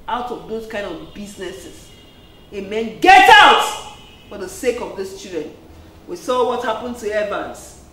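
A woman's voice: a little high, fairly bright tone, a little hiss or hum. A woman preacher giving an earnest sermon, peppered with "amen" and "praise the Lord". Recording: echoey room, distant mic.

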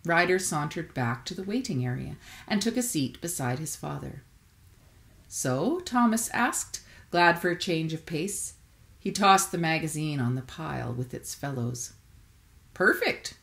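A woman author narrates her own romance novella with a low, steady voice. She reads at a measured pace, letting each sentence land evenly. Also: creaky. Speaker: author reading her book. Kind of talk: audiobook narration.

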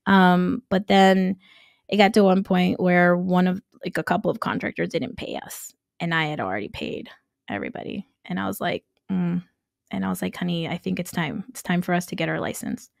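A woman who grew up in Nicaragua, telling her story as a podcast guest, animated and laughing often as she acts out quoted dialogue. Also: fairly low pitch, moderate pace, gravelly, no echo, clean studio sound. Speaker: guest, construction entrepreneur. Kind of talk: casual storytelling interview.

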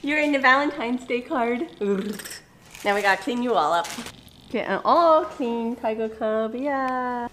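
A woman's voice: fairly high pitch, a little slow, fairly bright tone, slight background noise. A woman hosting a casual vlog at an animal park, chatting bubbly to the camera and cooing and squealing at baby animals.

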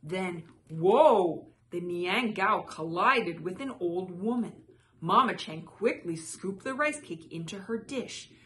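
A woman reading a children's picture book aloud in a soft, measured way. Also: fairly low pitch, expressive, a little hiss or hum. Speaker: storyteller.

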